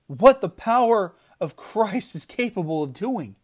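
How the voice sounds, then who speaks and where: A man's voice: sits high, sing-song, a little slow, few pauses, breathy edge. A middle-aged man giving an earnest devotional talk, emphatic, often restarting his phrases. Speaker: podcast devotional speaker.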